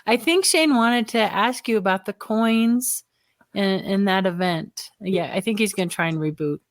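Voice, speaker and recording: A woman's voice: mid-range voice, moderate pace, no room sound. Chatty woman co-hosting a video call. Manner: chatty, laughs easily. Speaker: co-host. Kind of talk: live talk show hosting.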